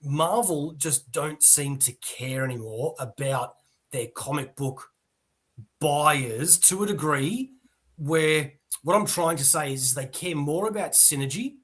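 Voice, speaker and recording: An Australian man chats about comics and gives his opinions bluntly. His voice is husky and sits a little high, and his delivery is relaxed but frank. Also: a little slow. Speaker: comics channel host. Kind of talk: casual chat.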